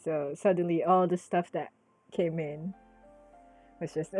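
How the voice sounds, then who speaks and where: A woman's voice: fairly low pitch, takes it slowly, long pauses, a little mellow, dry recording, soft background music. A woman chatting casually while drawing on a live stream. She giggles a lot, swears freely, bursts into squeals, and drops Japanese exclamations into her talk.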